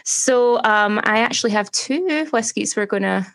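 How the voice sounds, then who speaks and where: A Scottish woman co-hosting a podcast, friendly and lightly teasing, reading promos smoothly. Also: medium pitch, a little slow, a bit bright. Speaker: podcast co-host. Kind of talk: casual chat.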